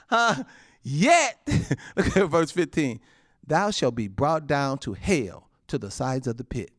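Fiery male preacher, high and highly animated delivery, dry close sound. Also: slow, dry recording. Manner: animated preaching, swings from loud high exclamations to low murmurs, frequent laughs. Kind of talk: sermon.

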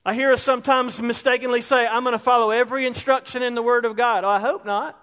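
Male pastor, very high voice, chatty preaching style, long church-hall reverb. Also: steady tone, fast talker, a bit bright. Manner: conversational preaching, asks the congregation questions. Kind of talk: sermon. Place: church sanctuary.

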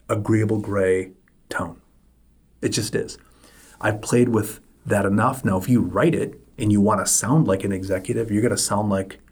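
A middle-aged man talks through a solo podcast episode in a low, slightly husky voice. He speaks emphatically and hammers his points home by repeating them. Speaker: podcast host.

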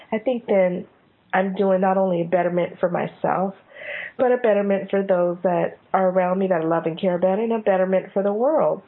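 A woman hosting a podcast interview, chatting in an effusive, gushing way, heard over a phone-like line. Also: mid-range voice. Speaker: podcast host. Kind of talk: casual interview chat. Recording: phone-like audio.

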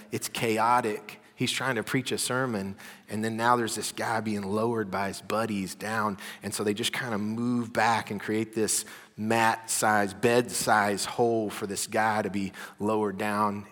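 Male pastor, lowish bright voice, animated storytelling sermon, long hall echo. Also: unhurried. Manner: animated storytelling, drops to hushed tones. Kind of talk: sermon with personal stories. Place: church hall.

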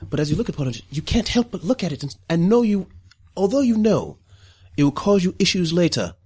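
A man's voice: high voice, big pitch swings, a little fast, warm tone, husky. A man running a tabletop game as game master, narrating in a put-on English accent that he keeps losing, laughing often.

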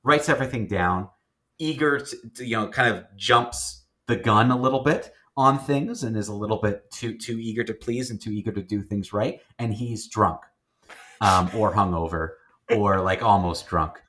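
A man's voice: on the low side, normal speed, pushed and bright. A man hosting a casual film review chat, talking in a rambling way with lots of fillers and restarts.

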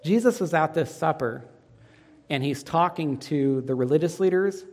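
Man preaching, slightly high voice, dramatic swings in pitch and volume, quizzes the congregation, long hall reverb. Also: moderate pace, a little mellow. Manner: asks the congregation fill-in questions. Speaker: pastor. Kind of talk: sermon.

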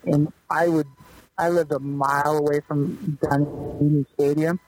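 In an unhurried, slightly high voice, a former pro baseball player chats as a guest on a casual podcast. His stories are loose and animated, with many fillers, and the recording is rough though without echo.

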